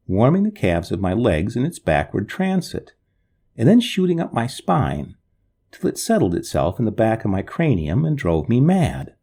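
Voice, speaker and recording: A man narrating an old story in the first person, in a dramatic, expressive way. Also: medium pitch, creaky, breathy edge.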